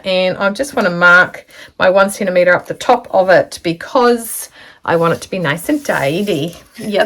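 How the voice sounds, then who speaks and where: A woman's voice: mid-range voice, a bit bright. A middle-aged woman chatting casually through a sewing tutorial, rambling into stories and asides. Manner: chatty, rambling, full of asides and little laughs. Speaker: sewing vlogger.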